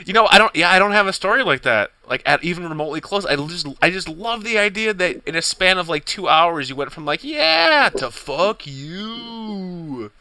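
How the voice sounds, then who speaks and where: A man co-hosting a podcast in casual chat, excitable and profane, laughing often and tripping over his words. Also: high voice, quick pace, hardly any pauses, dry recording, low-quality recording. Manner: excitable, profane, laughs a lot, stammers restarts. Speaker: podcast co-host.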